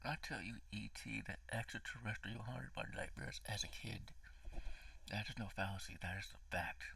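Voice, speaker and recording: A low, gravelly man rants through a casual movie review, swearing and getting worked up, sometimes dropping into a hoarse whisper. His voice is bright and edgy but husky, and the sound is dry, from a mic set back a little. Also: moderate pace, no room sound, far from the mic. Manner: emotional, profane, dramatic ranting with whispered asides. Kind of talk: casual spoken film review.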